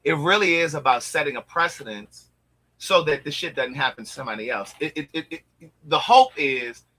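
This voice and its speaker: A man hosting a casual chat, telling a story in an animated, gossipy way with acted-out quotes. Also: on the high side, a little fast, poor audio. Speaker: host.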